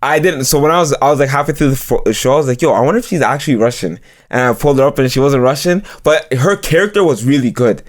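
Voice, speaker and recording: A man's voice: medium pitch, expressive, quick pace. A young man co-hosting a casual chat, giving frank, hedged opinions with many fillers. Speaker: co-host.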